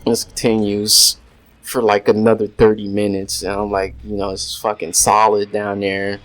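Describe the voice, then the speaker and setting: A man's voice: fairly low pitch, completely flat delivery, moderate pace, low-quality recording. A man telling a crude story in a casual, rambling way, full of swearing and filler words, while gaming at home. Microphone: desk USB microphone. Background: faint noise and mouse clicks.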